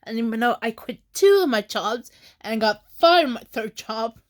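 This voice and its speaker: A woman vlogging about her troubles while crying, halting and apologetic, with sighs and restarts. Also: a little high, expressive. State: crying, tearful. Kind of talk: emotional personal vlog.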